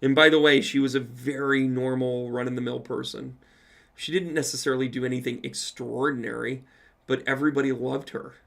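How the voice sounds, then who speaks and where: A man's voice: mid-range voice, level tone, a little fast, gravelly, fairly bright tone. A man, a psychic medium, telling a personal story in a casual live Q&A and swearing freely as he goes.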